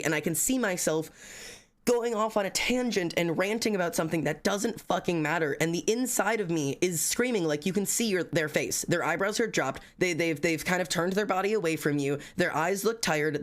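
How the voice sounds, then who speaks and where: A man's voice: sits high, fairly bright tone. A man venting to his livestream chat in a rambling, self-critical rant, swearing heavily and restarting his sentences often.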